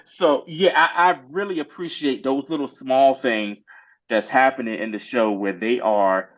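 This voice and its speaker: A man casually recapping a TV episode with a co-host, animated and slangy, acting out the characters' lines in quick little voices. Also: medium pitch, lo-fi sound. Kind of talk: casual chat.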